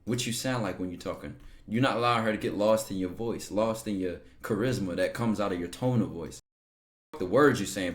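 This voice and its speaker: A man reads viewers' messages aloud on his stream and reacts to them. He talks in a loose, blunt, slangy way and often breaks into loud disbelief. The sound carries a noticeable room echo. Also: fairly low pitch. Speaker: host reading viewer messages. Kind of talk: casual commentary reading DMs. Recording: echoey room.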